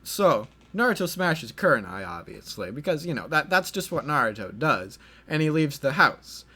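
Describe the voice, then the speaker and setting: A man's voice: on the high side, sing-song, moderate pace, sharp tone, husky. A man telling a made-up story in casual chat, stammering and repeating words as he goes.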